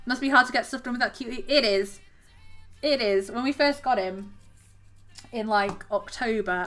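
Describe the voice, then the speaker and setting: A woman's voice: mid-range voice, fairly bright tone. A woman with a southern English accent, chatting casually with her audience while crocheting on a live stream, laughing often and talking to her cat. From southern England. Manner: chatty, giggly, talks to her cat and reads chat aloud. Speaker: craft streamer.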